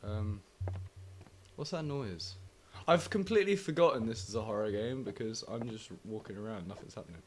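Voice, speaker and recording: A man's voice: on the low side, animated, moderate pace, a little hiss or hum. A young man swearing and wisecracking while playing a horror game at home. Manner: sweary, jumpy, wisecracking reactions. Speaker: gaming YouTuber. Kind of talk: let's play commentary. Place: home flat.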